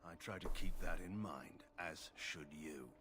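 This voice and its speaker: An actor playing a stern, guarded middle-aged general, speaking in a cool, measured, condescending way. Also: male voice, low voice, background noise. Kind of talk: video game voice acting.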